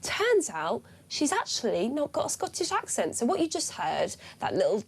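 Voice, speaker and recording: A woman's voice: on the high side, wildly swooping pitch, normal speed, husky. Sarcastic woman co-hosting breakfast radio. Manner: sarcastic, indignant. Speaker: radio co-host. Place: radio studio.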